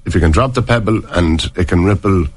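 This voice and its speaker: A man's voice: deep voice, brisk, breathy edge. An Irish man and former player, chatting casually and telling long, rambling stories full of restarts. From Ireland. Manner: rambling storyteller, many restarts. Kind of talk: casual chat.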